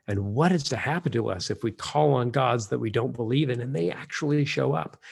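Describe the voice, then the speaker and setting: Gravelly guy reading a story out loud and preaching on it, husky, goes whispery sometimes. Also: mid-range voice. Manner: reads quotes aloud, drops to an unvoiced whisper at times. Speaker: preacher teaching on a novel. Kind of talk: reflective reading and commentary.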